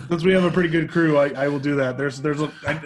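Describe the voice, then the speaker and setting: An easygoing man hosts a video call and reads out questions for his guests. His voice sits a little high, and a faint noise runs under it. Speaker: host.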